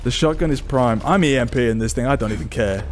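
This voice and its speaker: A man's voice: medium pitch, fast talker, background noise. Man muttering over game gunfire. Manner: mutters to himself, breaks into frustrated outbursts. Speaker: gaming YouTuber. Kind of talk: casual let's-play commentary. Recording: game gunfire and explosions behind voice. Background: game gunfire and explosions.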